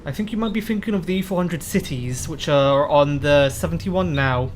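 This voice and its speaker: A man's voice: on the high side, moderate pace, slight background noise. A man streaming a bus-driving game, chatting casually and rambling as he answers viewer questions. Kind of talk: casual live-stream commentary.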